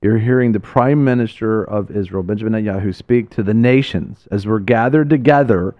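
A man's voice: on the low side, a little fast, lo-fi sound. A man hosting a religious broadcast, preaching with a fervent, exhorting delivery and repeating phrases for emphasis.

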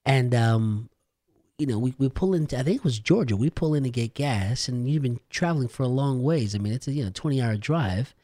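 Man, talk show host, animated storyteller, swooping pitch, dry studio sound. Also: fairly quick, no room sound. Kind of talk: casual studio chat.

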